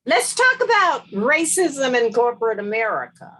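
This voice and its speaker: A woman hosting an interview, asking her guest questions in a deliberate, measured way. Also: on the high side, sing-song, fairly bright tone, low-quality recording. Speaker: interview host.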